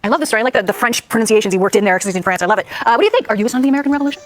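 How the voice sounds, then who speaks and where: A woman's voice: a little high, lively intonation, rapid-fire. A woman hosting a news panel, upbeat and playful as she hands off questions. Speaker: show host.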